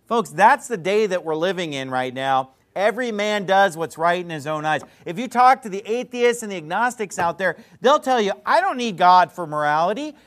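A man with a high voice delivers a sermon to his congregation. He preaches through lively stories, turning loud for emphasis and dropping into soft asides. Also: normal speed, few pauses. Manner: emphatic storytelling, swinging from loud outbursts to quiet asides.

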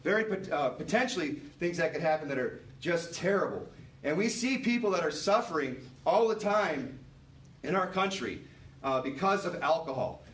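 A man's voice: a little high, animated, moderate pace, fairly bright tone. Earnest preacher man in an echoey church. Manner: earnest, repetitive, builds to emphatic preaching. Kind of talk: sermon. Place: church sanctuary. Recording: echoey room, mic at a distance. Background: congregation responding amen.

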